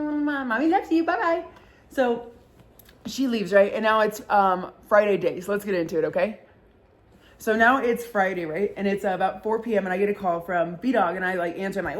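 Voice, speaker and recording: A young woman hosting a casual chat show, telling a story with lots of swearing and acted-out quotes. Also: medium pitch. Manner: animated, swears a lot, acts out quotes in mocking voices. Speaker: podcast host.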